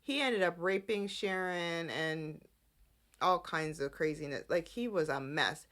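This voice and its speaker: Slow, low-voiced woman recapping soaps. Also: a bit bright. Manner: chatty, acts out characters' lines in quotes. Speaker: podcast host. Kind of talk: casual soap opera recap.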